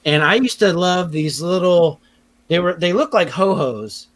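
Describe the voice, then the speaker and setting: A young man with a fairly high voice, co-hosting a casual podcast. He trades stories in easygoing banter and often laughs mid-sentence. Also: a little slow. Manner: laughs while telling, relaxed banter. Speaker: podcast co-host. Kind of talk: casual storytelling chat.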